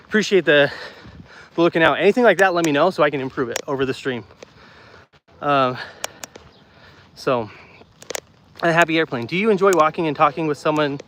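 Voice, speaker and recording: Man, out of breath, walking livestream, slightly high voice, faint wind and traffic behind. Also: expressive, moderate pace, long pauses, a bit bright. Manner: loose, repeats himself, chatty with viewers. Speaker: streamer doing a walking livestream. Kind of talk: casual chat reading live comments. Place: outdoors walking on gravel. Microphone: phone mic, no external mic.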